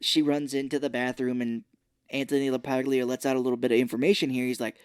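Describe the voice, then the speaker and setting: A man's voice: mid-range voice, little pitch movement, quick pace, smooth, no echo, clean studio sound. A man co-hosting a podcast, casually recapping a movie's plot and acting out the characters' lines. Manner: retells scenes, acting out quoted lines. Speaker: podcast co-host. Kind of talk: casual film recap chat.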